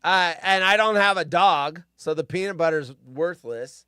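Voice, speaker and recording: A man's voice: high voice, unhurried, bright, forceful tone, clean tone, no room sound, clean studio sound. A man hosting a casual live stream, grumpy and profane, ranting and rambling.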